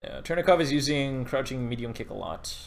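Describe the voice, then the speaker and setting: A man chats through a live game stream, coaching viewers in a loose, rambling way full of "like" and "um". His voice sits at an ordinary middle pitch. Faint music plays behind him. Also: animated, a little fast, vocal fry. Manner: chatty, rambling, filler-heavy. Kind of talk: casual livestream commentary.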